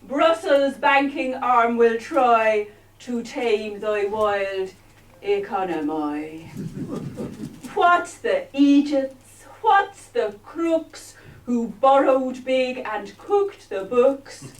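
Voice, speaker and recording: A woman doing a slow poem reciter. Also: fairly high pitch, lively intonation. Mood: mournful. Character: woman reciting a mournful mock-Blake poem. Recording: roomy, echoey hall from far off.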